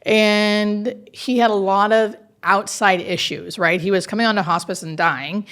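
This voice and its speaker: In this interview, a woman who works as a hospice nurse recounts stories at a slightly slow pace. Her pitch sits in the middle, and she sounds lively and sincere while leaning on lots of fillers.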